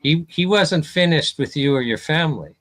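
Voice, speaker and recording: A male podcast host gently prompting his guest with interview questions. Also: a little high, expressive, moderate pace.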